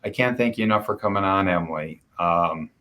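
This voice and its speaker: A man hosting a casual interview, emotional and halting, restarting his sentences. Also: low voice, a bit bright, a little hiss or hum. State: choked up. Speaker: podcast host.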